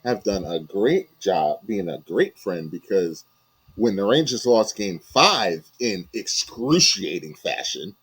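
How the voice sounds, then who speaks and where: A man's voice: deep voice, lively intonation, takes it slowly, a bit bright, slightly rough, poor audio. A man co-hosting a casual sports podcast, teasing and blunt in his trash talk. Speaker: podcast co-host.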